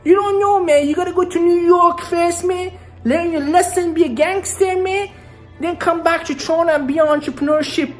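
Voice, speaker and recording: A woman's voice: extremely high pitch, normal speed, soft background music, pitched above the performer's own voice. A woman putting on a boastful gangster persona, swaggering and ending every phrase with "man". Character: boastful big-talking gangster persona, adult.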